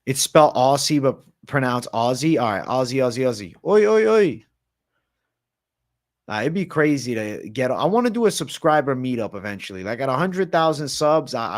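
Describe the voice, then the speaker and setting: A man hosting a casual late-night livestream Q&A, chatting in a laid-back, slangy way and answering viewers. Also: mid-range voice. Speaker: MMA livestream host.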